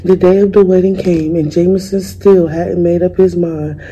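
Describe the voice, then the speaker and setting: A young woman, a student, reading a children's picture book aloud in a gentle, unhurried way. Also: lowish voice, fairly even intonation, slight background noise, poor audio. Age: young adult. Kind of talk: storybook read-aloud.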